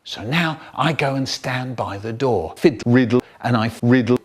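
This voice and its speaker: A man reading a comic children's story aloud in an animated, playful way. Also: mid-range voice, normal speed, slightly rough. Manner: animated, playful, voices the characters.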